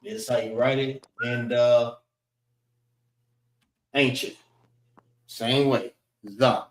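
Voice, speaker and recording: Male instructor, mid pitch, unhurried and repetitive, recorded in an echoey room. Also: fairly even intonation, a little hiss or hum. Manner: slow, repetitive, spells out sounds one by one. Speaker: class teacher. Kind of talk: classroom language lesson. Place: library meeting room.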